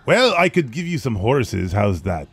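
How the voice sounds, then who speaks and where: Halting man narrating a tabletop game. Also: medium pitch, big pitch swings, creaky, a bit bright, husky, faint music behind. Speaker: game master.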